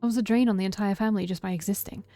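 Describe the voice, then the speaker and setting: A woman voicing a troubled young man who confesses a past killing, read in a quiet, heavy tone with a gravelly edge. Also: medium pitch, fairly even intonation, rapid-fire, soft background music, close to an everyday voice. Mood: grim.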